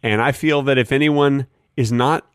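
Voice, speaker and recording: A man co-hosting a podcast, joking in casual comedic banter with deadpan delivery. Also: mid-range voice, moderate pace, smooth, no echo, studio quality. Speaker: podcast co-host.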